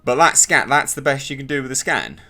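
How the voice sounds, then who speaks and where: A young man talks through a TV episode in a loose, exasperated review. His voice swings widely in pitch and sounds bright and forceful. Faint background music plays under him. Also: lively intonation, a little fast. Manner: sarcastic, exasperated, mocking impressions. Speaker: TV show reviewer. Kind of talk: casual spoken review.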